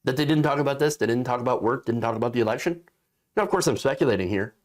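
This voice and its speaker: A man's voice: medium pitch, very fast. A man giving political opinion commentary in a sarcastic, indignant, conversational way. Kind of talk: opinion commentary reading news.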